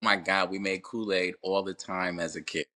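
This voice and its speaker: A man from Connecticut hosting a podcast, asking gentle questions in a casual, easygoing interview. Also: low voice, steady tone, normal speed. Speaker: podcast host.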